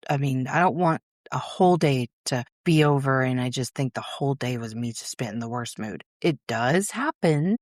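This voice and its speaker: A woman's voice: very deep voice, animated, moderate pace, hardly any pauses, darkish tone, no room sound, clean studio sound. A woman hosting a solo podcast, talking casually and frankly, swearing freely and acting out her inner voice in little quoted asides. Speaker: podcast host.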